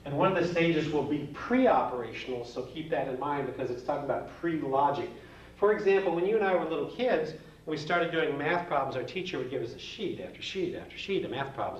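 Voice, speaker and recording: A man's voice: fairly high pitch, lively intonation, fairly quick. Folksy man lecturing in a roomy, lo-fi recording. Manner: folksy, jokey explaining with playful asides. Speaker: psychology teacher. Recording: roomy, distant, dull lo-fi with faint hiss.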